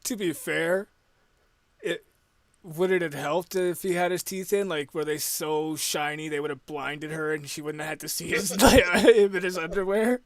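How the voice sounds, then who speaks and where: A man's voice: fairly high pitch, fairly even intonation. A man co-hosting a podcast who chats casually, cracks jokes and laughs often. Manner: slow, joking, laughs often. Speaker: podcast co-host. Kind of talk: casual chat.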